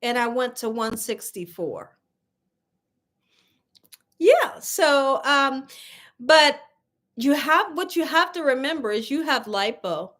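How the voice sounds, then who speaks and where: A woman's voice: sits high, expressive, takes it slowly, pauses often, a bit bright. A middle-aged woman hosting a casual livestream, chatting with viewers, reading their comments aloud and telling stories with frequent laughter. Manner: chatty storyteller, laughs often, addresses viewers as y'all. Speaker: cooking channel host.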